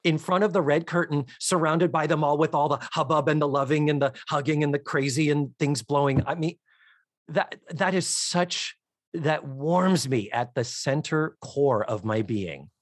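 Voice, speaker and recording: A man co-hosting a podcast in casual chat, enthusiastic and animated, swearing freely. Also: a little high, moderate pace, no room sound, clean studio sound. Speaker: podcast co-host.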